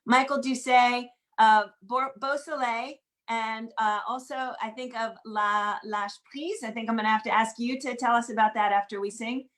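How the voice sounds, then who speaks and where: Upbeat high-voiced woman hosting a video call. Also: fairly even intonation, fairly bright tone. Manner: upbeat, quick roll-call greetings. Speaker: host of an online group singalong. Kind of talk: casual welcome and announcements.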